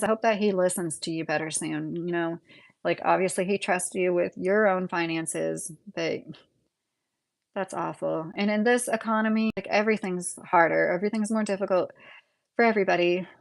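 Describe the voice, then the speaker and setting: A woman's voice: on the low side, creaky, no room sound. A woman with a Midwestern American accent hosting a casual livestream, rambling and answering viewer comments with lots of fillers. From United States. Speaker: livestream host.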